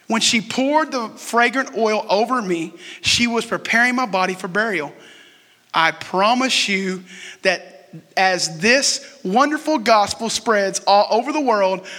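Pastor, 40s, man, bright and forceful tone, casual sermon that quizzes the congregation. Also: high-pitched. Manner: conversational, asks the crowd questions and jokes. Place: church sanctuary. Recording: long hall reverb.

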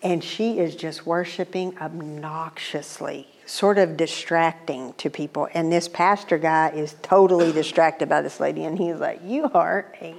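A woman telling a personal testimony in an animated, exclamatory, humorous way. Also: low voice, measured pace, creaky, hardly any pauses. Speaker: speaker. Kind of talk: testimony storytelling.

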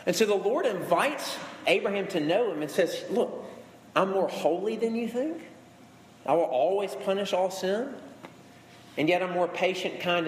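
Preaching to his congregation in an easygoing manner, this thirty-something pastor has a slightly high voice and stresses points through repetition. The recording carries a long hall echo and faint background hum.

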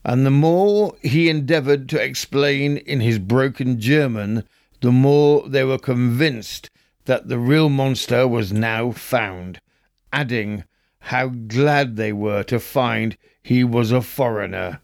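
Slow, dry-voiced man reading old news. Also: mid-range voice, creaky, dry recording. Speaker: host. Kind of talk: reading a historical news extract aloud.

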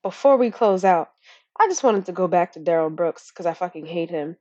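A woman's voice: lowish voice, lively intonation, fairly quick, dark tone, no room sound. A young woman co-hosting a podcast, chatting casually in a blunt, rambling way with plenty of swearing and fillers. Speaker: podcast co-host. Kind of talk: casual chat. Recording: dull lo-fi recording.

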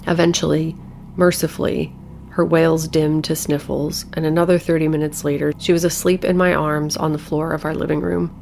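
A woman reading a scripted horror story aloud in a measured, quietly tense storytelling manner. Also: low voice, level tone, gravelly, a little hiss or hum. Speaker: narrator.

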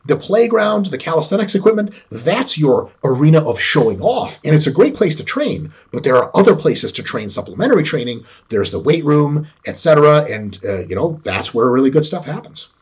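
Man, husky voice, very lively pitch, swears freely, casual podcast talk, dull lo-fi sound. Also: brisk, hardly any pauses. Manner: animated and profane, acts out quoted voices. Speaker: fitness podcast talker.

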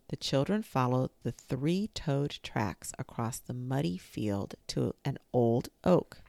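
Low, gravelly woman reading a storybook. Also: no room sound. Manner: slow, expressive read-aloud. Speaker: narrator.

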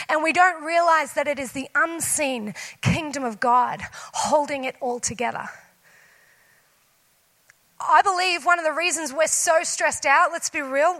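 Woman, very high voice, bright and forceful, sermon storytelling, acts out her own lines. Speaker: preacher.

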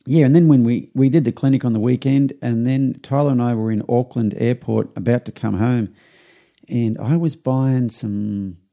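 A middle-aged man hosting a podcast, telling a rambling anecdote and acting out what people said in a higher voice. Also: vocal fry, dark tone. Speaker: podcast host. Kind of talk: casual storytelling.

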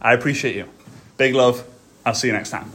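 A man's voice: medium pitch, fairly quick, fairly bright tone. A man hosting a motivational podcast, talking straight to his listeners in an emphatic coaching manner, a little out of breath. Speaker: podcast host.

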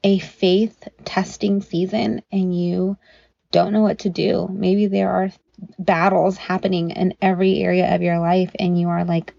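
A woman talks through scripture on her devotional podcast in an earnest, encouraging, conversational way. Her voice is mellow with a gravelly edge. The recording is dry and close, with a somewhat dull, lo-fi sound. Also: mid-range voice, fairly even intonation, moderate pace, no echo. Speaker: podcast host teaching scripture.

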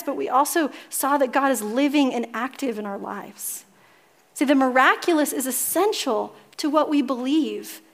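A woman in her thirties, a pastor preaching a sermon and telling a family story to her congregation in an earnest way. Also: sits high.

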